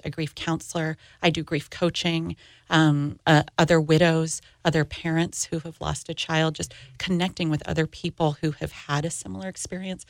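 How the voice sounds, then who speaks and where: A middle-aged woman speaks in a low voice with a gravelly edge, open and candid as she tells her story. She is a grief coach talking as a podcast guest. The sound is dry and close. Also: no echo. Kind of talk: podcast interview.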